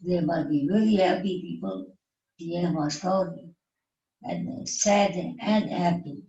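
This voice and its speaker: As an interview guest, a woman in her nineties from South Africa recalls her life through tears, her lowish voice warm in tone and her accent South African Indian English. Her broken English comes slowly, in short, halting phrases heavy with grief and emotion. She's on a distant mic, and the live-stream sound is dull and echoey.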